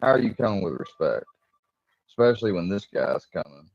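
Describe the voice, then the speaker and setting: A man's voice: on the low side, very animated, fairly quick, vocal fry. Combative, mocking man on a stream. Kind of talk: heated livestream argument. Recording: dull lo-fi stream audio.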